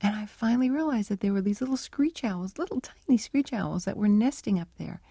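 Woman researcher, interview guest, mellow gravelly voice, chatty and reflective. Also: medium pitch, no room sound, studio quality. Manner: reflective, conversational, with fillers. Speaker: animal cognition researcher, guest. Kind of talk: interview answers, storytelling.

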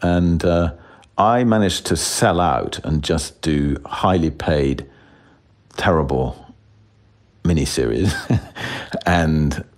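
A man's voice: extremely low pitch, slow. A man in his sixties, an actor talking as a guest in a casual interview, self-deprecating with frequent chuckles and restarts.

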